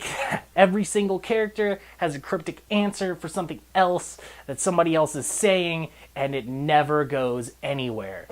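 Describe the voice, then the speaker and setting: A man's voice: on the high side, normal speed. Exasperated, sarcastic male film reviewer. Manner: sarcastic, exasperated, laughing rants. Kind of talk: casual profane film review.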